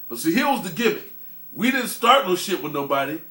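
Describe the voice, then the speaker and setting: A man's voice: sits high, big pitch swings, fairly quick, pushed and bright. A man telling profane, swaggering stories in casual talk, with many restarts and laughs at his own tales. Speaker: storyteller host. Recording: roomy echo.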